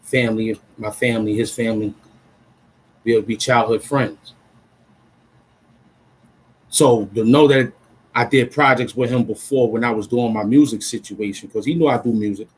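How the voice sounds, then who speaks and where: An adult man from Brooklyn, chatting casually on a livestream in an excitable, rambling way full of street slang. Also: mid-range voice, moderate pace, long pauses, slightly rough, low-quality recording. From Brooklyn, New York. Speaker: vlogger.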